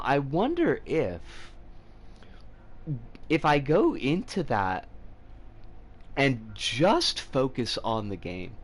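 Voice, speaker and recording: Animated, rambling male streamer. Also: mid-range voice, slight background noise. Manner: rambling, animated, frequent "like" fillers. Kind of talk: casual stream chat.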